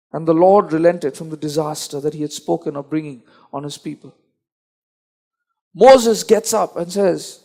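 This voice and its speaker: A man's voice: fairly high pitch, measured pace, darkish tone. A man preaching a sermon, emphatic and repetitive, often restarting his sentences.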